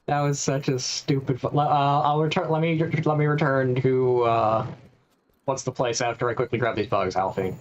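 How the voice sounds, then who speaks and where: A man chats to his live-stream audience while playing, thinking out loud in halting, repeated starts. His voice sits at an ordinary pitch. The recording is a little muffled and lo-fi. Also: fairly even intonation. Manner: musing aloud, stop-start, talking to chat. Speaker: gaming streamer.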